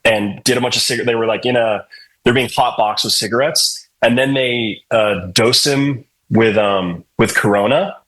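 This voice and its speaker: Husky man telling loose profane stories. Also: mid-range voice, normal speed, fairly bright tone, rough recording. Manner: loose, profane, joking storyteller. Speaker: podcast guest, hardcore vocalist. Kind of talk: casual storytelling interview.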